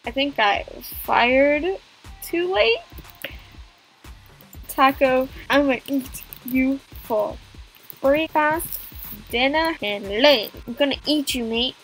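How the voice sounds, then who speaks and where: Female gamer, high voice, gaspy and jokey, easygoing pace. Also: slow, long pauses, soft background music. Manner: excitable, gasping, jokey. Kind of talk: playful game commentary.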